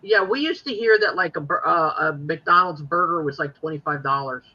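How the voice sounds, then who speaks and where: Male podcast voice, high, very bright and sharp, muffled lo-fi sound, animated. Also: normal speed. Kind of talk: casual podcast chat.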